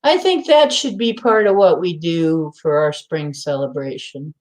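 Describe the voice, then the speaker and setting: A woman's voice: low voice, expressive, measured pace. A middle-aged woman hosting a casual live chat, laughing often and reading out viewers' comments. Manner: giggly, laughs often, reads comments aloud. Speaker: livestream host.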